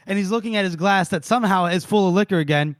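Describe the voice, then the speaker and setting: A man with a high voice talks fast as he co-hosts a podcast, recapping scenes from a book. He's an animated storyteller who quotes characters and laughs a lot, and the recording is dry with clean studio sound.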